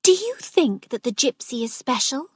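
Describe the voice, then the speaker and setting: A woman voicing an excited, dreamy young woman with an eager voice that lifts high. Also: normal speed, breathy edge, dry recording, clean studio sound, exaggerated voice.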